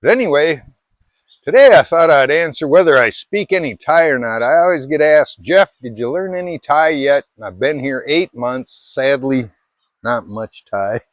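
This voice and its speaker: A man's voice: on the high side, expressive, moderate pace, dry recording. A middle-aged man from Alaska chatting casually to camera, rambling and self-deprecating with many restarts. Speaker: vlogger.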